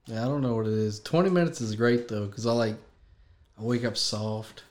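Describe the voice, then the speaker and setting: A man guesting on a podcast, telling stories in an animated, joking, casual way. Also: on the low side, normal speed. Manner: animated, jokey storyteller. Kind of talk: casual chat.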